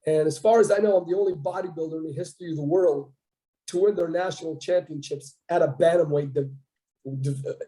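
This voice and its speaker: Canadian man in his fifties, podcast guest, animated storyteller, higher-pitched, mellow tone. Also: fairly quick, low-quality recording. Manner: animated storyteller acting out quoted dialogue. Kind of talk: casual storytelling interview.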